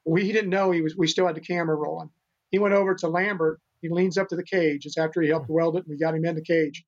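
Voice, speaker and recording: An older man from the United States speaks in a high register, earnest and full of restarts as he tells his stories. The audio sounds dull and lo-fi, like a remote interview. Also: fairly even intonation, fast. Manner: earnest, rambling, many restarts. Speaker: podcast guest, animal rescuer. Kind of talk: casual interview storytelling.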